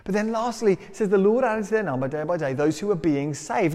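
A man's voice: sits high, brisk, warm tone, in a large hall. A man delivering a conversational sermon, telling stories with self-deprecating humour. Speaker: preacher.

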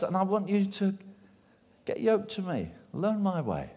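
Male preacher, animated sermon with acted-out quotes, booming into a reverberant hall. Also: unhurried. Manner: animated, acts out quoted voices, shifts from loud to hushed.

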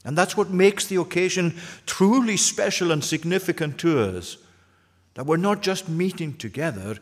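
A pastor preaching a sermon, earnest, putting repeated questions to the congregation. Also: male voice, sits high, expressive, normal speed, big-room sound. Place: church.

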